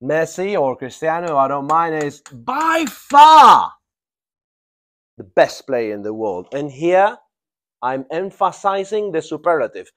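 Energetic male English teacher drilling phrases. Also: on the high side, moderate pace. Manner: checks in often, laughs, repeats phrases for drilling. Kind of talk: live classroom grammar lesson.

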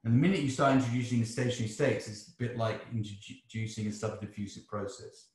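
An English man answering a seminar question, thinking aloud with halting restarts. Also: mid-range voice, darkish tone. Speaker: seminar speaker. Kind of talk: academic Q&A answer. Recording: echoey room.

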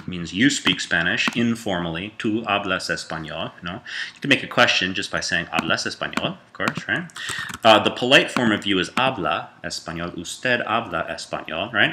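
A man's voice: low-pitched, noisy background. A man giving a casual grammar lesson, talking loosely with fillers and self-corrections. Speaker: Spanish teacher.

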